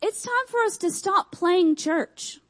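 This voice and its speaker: A young woman from Michigan with a Texan accent, preaching a sermon with emphatic repeated phrases and quick asides. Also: very high-pitched, animated, fairly bright tone, low-quality recording.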